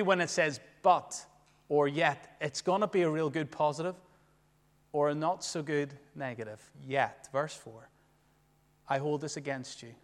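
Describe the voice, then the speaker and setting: Preacher guy with a highish voice, big loud lines then soft ones, lots of echo trailing off in the church. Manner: emphatic, swings between loud declarations and hushed asides. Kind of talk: sermon. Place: church sanctuary. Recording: long reverb of a large church.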